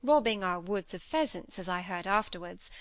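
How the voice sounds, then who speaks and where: A woman's voice: mid-range voice, expressive, normal speed, no room sound, highs cut off, natural voice. A woman voicing an earnest, headstrong young girl in an audiobook, speaking in a pleading, confiding way. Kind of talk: audiobook character reading.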